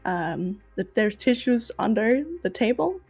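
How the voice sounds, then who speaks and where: A woman's voice: medium pitch, expressive, measured pace, darkish tone, husky, soft background music. A woman hosting a stream, playing a fake funeral straight in a mock-solemn way, stumbling and restarting as she talks. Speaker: streamer host.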